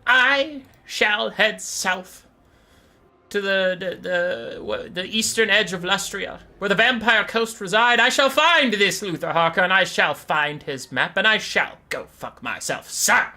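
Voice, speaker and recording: A man voicing a dim-witted giant male bird beast of chaos, with shrill, pompous, slow-witted formality. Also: animated, pushed and bright, exaggerated voice.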